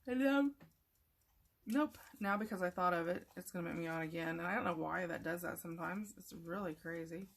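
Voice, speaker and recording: The woman's voice is on the low side and fairly bright, with vocal fry and fairly even intonation; she talks fast with few pauses. She hosts a craft tutorial, rambling casually to viewers as she works, a little sleepy and yawning.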